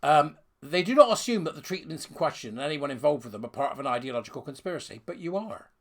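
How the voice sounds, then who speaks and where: A man's voice: a little high, lively intonation, fast. A man giving scornful, sarcastic ranting commentary while reading out a letter.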